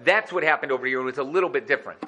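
A man teaching the weekly Torah portion, explaining commentaries in a lively way and acting out quoted lines with rising excitement. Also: mid-range voice, racing, dull audio.

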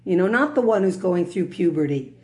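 A woman's voice: fairly low pitch, animated, fairly quick, mellow. A woman teaching a religious lecture in a conversational tone, with humorous asides and frequent check-ins with her listeners.

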